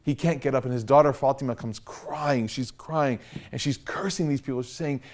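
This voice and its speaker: A young man giving a casual storytelling lecture, animated and conversational with slangy asides. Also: mid-range voice, moderate pace. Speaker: preacher.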